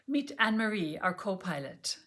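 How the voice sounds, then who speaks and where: A woman's voice: medium pitch, very animated, normal speed, fairly bright tone. A woman voicing an intense, purposeful woman guide in an audiobook reading. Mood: warm. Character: commanding woman with a secret, intense.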